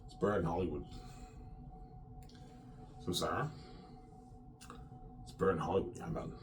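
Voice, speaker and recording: Brash low-voiced man hosting a monologue. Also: a little slow, background noise. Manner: brash, repetitive, ends phrases with "man". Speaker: show host. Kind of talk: casual boastful monologue.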